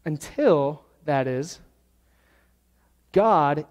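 A man preaching a sermon as pastor, teaching verse by verse and slowing down to stress key words. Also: sits high, darkish tone. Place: church sanctuary. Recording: long hall reverb.

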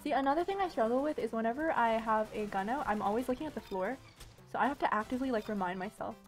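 High-ish girl voice yelling and pew-pewing thru a shooter game at home, faint music in the back. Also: fast. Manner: excitable, shrieks and exclaims, makes gun noises. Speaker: gaming YouTuber. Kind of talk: live gameplay commentary.

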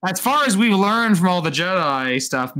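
A man's voice: sits high, expressive, normal speed, bright, forceful tone. A man co-hosting a casual chat about comics, rambling with many restarts. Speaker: co-host reviewing comics.

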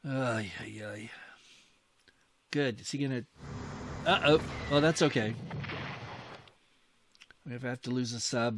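A man narrating his strategy war game in a casual, thinking-aloud way, with excitable exclamations and old-fashioned mild oaths. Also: mid-range voice, takes it slowly, long pauses, slight background noise. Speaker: gaming host.

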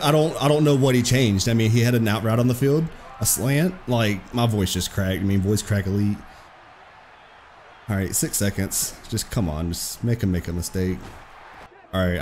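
A young man giving excitable, profane live commentary over his own football video game match, trash-talking his opponent. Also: on the low side. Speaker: gaming streamer.

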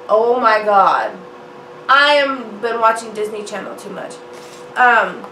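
A young woman, hoarse from a cold, chatting sassily to her phone camera and calling her viewers honey. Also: medium pitch, animated, slow pace, pushed and bright, slight background noise. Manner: sassy, playful, addresses viewers as honey and y'all. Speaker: jewelry vlogger. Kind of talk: casual chat to camera. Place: small room at home. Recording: echoey room with faint ambience.

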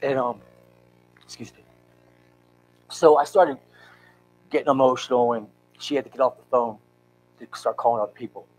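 A man in his fifties, a pastor, telling an emotional personal story in a church sermon with earnest, halting restarts. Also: mid-range voice, steady tone, faint music behind, poor audio. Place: church sanctuary.

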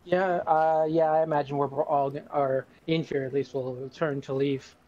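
A man's voice: on the high side, steady tone, moderate pace, mellow, muffled recording. A man playing a tabletop game casually, often stammering and restarting his sentences. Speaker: player.

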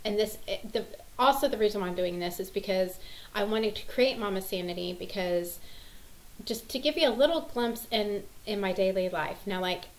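A woman's voice: mid-range voice, normal speed, rough recording. A mother talking casually to the camera, telling about her busy morning in a rambling, chatty way full of fillers. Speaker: mother of several children.

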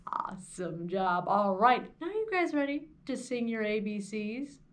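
A young woman, a children's librarian, leading a kindergarten lesson in a cheerful sing-song teacher voice with playful pitch games. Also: sing-song, a little slow. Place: library program recording.

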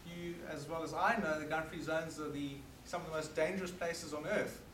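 South African man, high voice, earnest forceful speaker, roomy hall, distant mic, faint hiss. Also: steady tone, fairly quick. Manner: earnest and forceful, emphatic repetition. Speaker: guest speaker. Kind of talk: public talk to an audience. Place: meeting hall.

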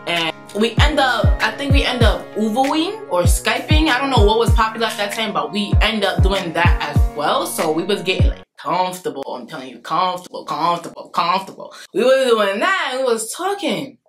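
A young adult woman talking in a casual storytime vlog, dramatic and animated, laughing things off and acting out what people said. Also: mid-range voice, normal speed, few pauses, music in the background. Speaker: vlogger.

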